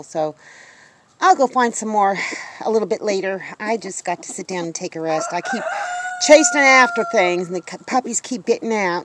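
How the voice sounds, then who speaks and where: A chatty woman talks her way around her homestead yard, rambling from one chore to the next and stopping to talk to her animals. Her pitch sits mid-range, and chickens cluck faintly behind her outdoors. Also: slight background noise. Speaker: homestead vlogger. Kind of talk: casual vlog chat.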